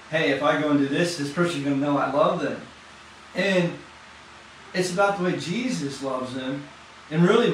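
A man preaching an informal sermon in a fast, excited, conversational way, with casual slang. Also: high voice. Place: church hall. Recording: echoey room from far off, faint noise.

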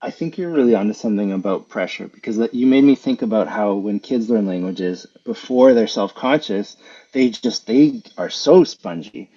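Low, husky young man. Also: moderate pace, dark tone, highs cut off. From western Canada. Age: young adult. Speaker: guest singer. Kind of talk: casual interview.

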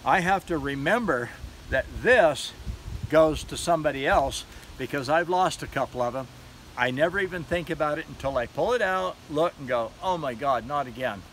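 A man's voice: on the high side, lively intonation, normal speed, a bit bright, slight background noise, poor audio. Chatty man demoing a pocket knife. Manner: rambling, chatty, laughs at his own fumbles. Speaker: knife seller demonstrating a product. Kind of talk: casual product demo vlog.

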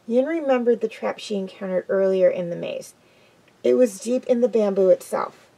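A woman's voice: mid-range voice, moderate pace, vocal fry, dark tone, poor audio. A woman reading a children's adventure story aloud, with an unpolished delivery that stumbles and restarts now and then.

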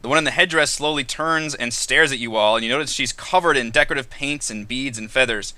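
A man's voice: mid-range voice, fairly quick, few pauses, pushed and bright, no room sound. A man narrating a tabletop game as dungeon master, casual with fillers.

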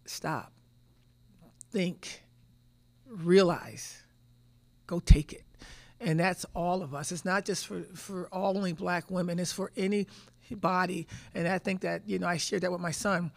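A woman's voice: fairly low pitch, fairly even intonation, moderate pace, vocal fry. A woman in her fifties, a head basketball coach answering press conference questions, telling stories emphatically and repeating words as she thinks.

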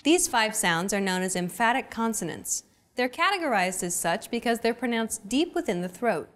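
A woman hosts a language lesson and reads her script with a voice that rises and falls a lot. Her pitch sits a little high, and she cheers the learner on with short prompts. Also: big pitch swings, normal speed. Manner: bright, encouraging teacher prompts.

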